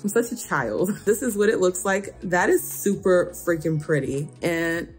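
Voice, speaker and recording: A woman's voice: fairly low pitch, lively intonation, measured pace, faint music behind. A woman vlogging a beauty box unboxing, reading out labels and chatting about each product with delighted little exclamations. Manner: reads out product labels and comments on them.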